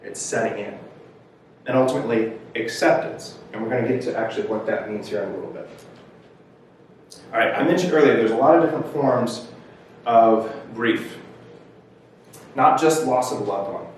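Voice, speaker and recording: A man's voice: mid-range voice, normal speed, pauses often, a little hiss or hum. Counselor guy giving a talk, chatty lecture style, punches key words, sounds far from the mic in a big echoey room. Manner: conversational lecturing, rising emphasis on key words. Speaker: mental health counselor presenting. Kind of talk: educational presentation.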